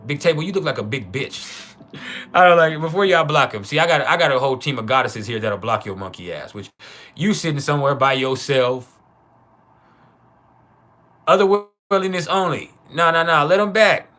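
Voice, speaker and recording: Man, Texan accent, astrology livestream host, bright voice, rambling casual talk, heated roasting. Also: on the high side, expressive, moderate pace. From Texas. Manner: loose and rambling, turns loud and heated roasting a troll.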